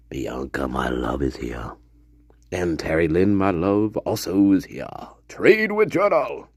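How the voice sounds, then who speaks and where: A man's voice: deep voice, a little mellow, no echo, studio quality. A man co-hosting a late-night livestream, laughing often, repeating himself and greeting viewers by name. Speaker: livestream co-host. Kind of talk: casual livestream chat.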